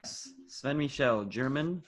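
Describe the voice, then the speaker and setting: A man's voice: medium pitch, animated, a little slow, a little hiss or hum. A teenage young man co-hosting a casual sports podcast over a video call, running a quiz and teasing his friends. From United States. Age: teens. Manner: teasing, upbeat, runs the quiz. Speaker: podcast co-host and quizmaster.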